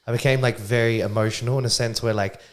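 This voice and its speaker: A man's voice: mid-range voice, fairly even intonation, fast talker, a little hiss or hum. A man co-hosting a podcast in casual chat, candid and chatty, with lots of fillers. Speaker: podcast co-host.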